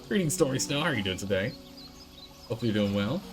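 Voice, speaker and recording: Casual gaming streamer, chatty and animated, over game music. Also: male voice, medium pitch, moderate pace. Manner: chatty, thinking aloud, reads game text. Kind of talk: casual let's-play commentary.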